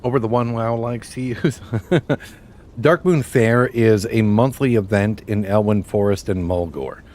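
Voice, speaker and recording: A man's voice: fairly low pitch, measured pace, darkish tone. Profane joking young male streamer. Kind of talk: casual gaming live stream commentary.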